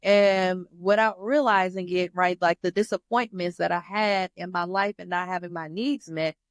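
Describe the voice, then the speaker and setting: A woman's voice: lowish voice, fairly even intonation, moderate pace, clear, resonant tone, no echo, studio quality. A woman hosting her own show, speaking candidly and with animation about her personal journey, calling her listeners "y'all". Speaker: host. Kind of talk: personal testimony.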